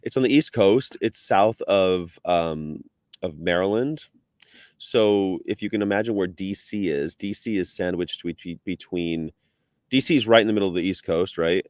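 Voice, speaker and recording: A man's voice: normal speed, a little mellow, dry recording. Chatty man with a dry, close sound. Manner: chatty, laughs often, slips into high mock voices for quotes. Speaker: co-host of a live stream. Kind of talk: casual chat.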